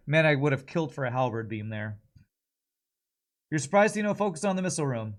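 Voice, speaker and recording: A man's voice: fairly high pitch, big pitch swings, fast talker, pauses often, soft background music. A man streaming a video game, chatting casually while he plays, swearing and laughing as he goes. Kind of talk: live gameplay commentary.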